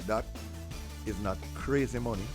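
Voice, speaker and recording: A man bantering casually, animated and teasing with lots of laughter. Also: on the low side, moderate pace, music in the background.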